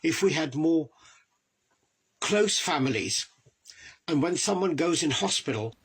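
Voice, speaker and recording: A man's voice: a little high, expressive, a little slow, breathy edge. A man joining a discussion, putting forward his opinions in a conversational way. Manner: opinionated, making points.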